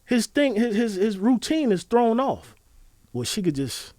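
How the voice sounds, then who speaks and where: A podcast co-host, a man, talks in a high, lively voice that swoops up and down as he acts out bits of dialogue. The sound is dry and close, with no room around it. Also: a little slow, no echo. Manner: animated storyteller, acts out quotes. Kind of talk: casual chat.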